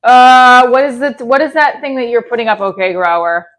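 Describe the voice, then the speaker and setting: A woman's voice: a little high, moderate pace, fairly bright tone. A woman hosting a live stream, rambling casually and answering viewer comments, with a self-deprecating, chatty manner and many restarts. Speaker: livestream host reading viewer comments.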